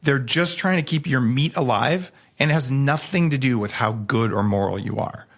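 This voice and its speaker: Animated man telling stories on a podcast. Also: moderate pace. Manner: animated, jokey storytelling with sudden pitch jumps. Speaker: guest author. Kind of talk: casual podcast conversation.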